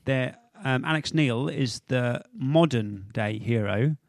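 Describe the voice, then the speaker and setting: A man's voice: medium pitch, slow, creaky, no echo. A man co-hosting a football podcast in casual chat, jokey and quizzing, laughing often. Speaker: podcast co-host.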